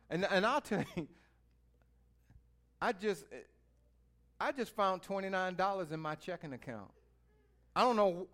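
A man preaching a sermon in a folksy way, talking straight to his listeners and swinging from quiet musing to loud exhortation. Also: high voice. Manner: folksy, speaks to the listeners directly.

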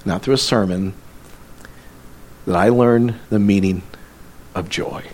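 A man's voice: fairly low pitch, a little mellow. A man preaching a sermon as a pastor, telling a story in an earnest, conversational way with frequent restarts.

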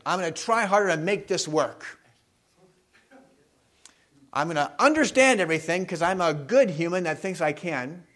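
A man preaching a sermon with a slightly high voice. He talks to his congregation in a conversational way and keeps asking them questions. He moves between loud, emphatic stretches and quiet, reflective ones. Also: expressive, unhurried, long pauses. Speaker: pastor.

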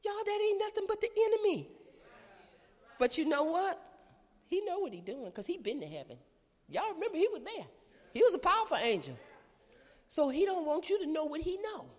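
A middle-aged woman, preaching an animated call-and-response sermon in a church. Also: sits high, brisk, big-room sound.

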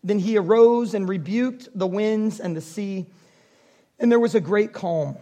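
This is an animated preacher who tells his story with acted-out voices and quick laughs. His voice sits high for a man. He delivers a sermon full of energy. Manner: animated storyteller, acts out dialogue, laughs often. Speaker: pastor.

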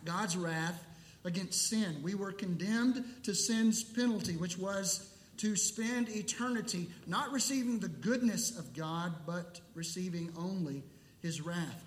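A man delivers a sermon in a high, clear voice, leaning on words with deliberate pauses. He speaks slowly. The sound carries the echo of a large church sanctuary. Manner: emphatic, deliberate preaching with pauses. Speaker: pastor.

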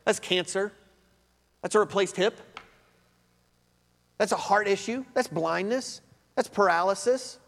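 A high-pitched man preaching a sermon with an emphatic, conversational delivery, driving his points home through repetition. His voice rings with the long reverb of a large church hall. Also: unhurried, gravelly, pauses often, fairly bright tone. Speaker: pastor.

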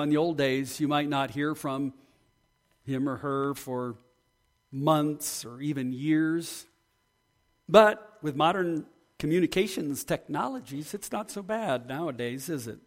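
Slow, earnest man preaching a sermon. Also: on the high side. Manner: earnest, builds to excited storytelling. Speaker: pastor.

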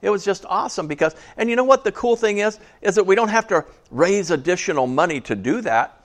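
A man's voice: high voice, lively intonation, a little fast. A man preaching a casual sermon to a small church, chatty and joking, asking the congregation questions. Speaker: pastor.

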